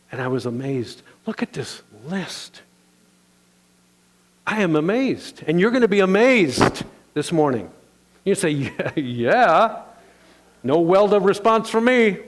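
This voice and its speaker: A pastor delivers his sermon in a slightly high, lively male voice. He is playful and animated and keeps calling on the congregation to answer back.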